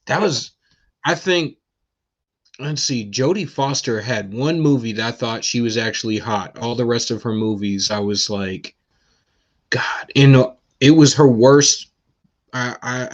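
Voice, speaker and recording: A man hosting a podcast, chatting in a relaxed way and agreeing along with his guest. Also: mid-range voice, measured pace. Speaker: podcast host. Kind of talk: casual chat. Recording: muffled lo-fi audio.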